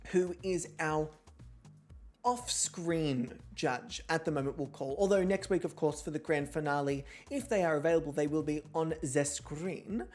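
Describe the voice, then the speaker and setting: A woman's voice: deep voice, moderate pace, a little mellow, soft background music. Chatty joking woman host. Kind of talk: live-stream reality show hosting.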